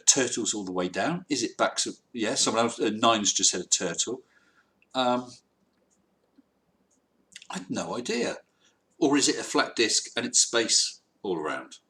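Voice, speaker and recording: Bright-toned chatty man. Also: fairly low pitch. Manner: chatty, wry, reads out viewer comments. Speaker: livestream host. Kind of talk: casual live-stream chat.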